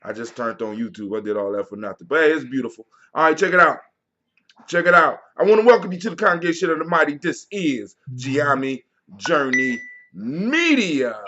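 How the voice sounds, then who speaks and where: A man's voice: a little high, expressive, normal speed, sharp tone, a little hiss or hum. A man hosting a daily toast livestream, talking casually with slangy, preacher-like hype. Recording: dull lo-fi with music behind. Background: music.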